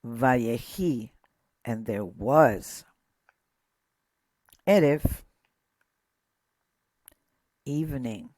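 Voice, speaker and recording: A man of middle pitch speaks very slowly as he teaches, saying each word and then saying it again. He points out where the stress falls. The sound is dry, with almost no room echo. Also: a little mellow. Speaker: Hebrew teacher. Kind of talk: slow word-by-word pronunciation lesson.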